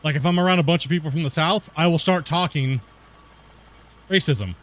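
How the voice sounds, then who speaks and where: A man's voice: on the high side, fairly quick, a bit bright. A young man from the northern US border country with a Pacific Northwest accent and a hint of West Coast Canadian. He hosts a casual gaming stream, talks in loose slang, calls people bro and dude, and laughs a lot. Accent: Pacific Northwest US, with West Coast Canadian touches. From northern US near the Canadian border. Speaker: game streamer.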